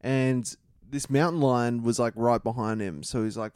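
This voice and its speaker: A man co-hosting a podcast in casual chat, deadpan and swearing often as he retells a story. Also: mid-range voice, moderate pace, smooth, no echo, clean studio sound. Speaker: podcast co-host.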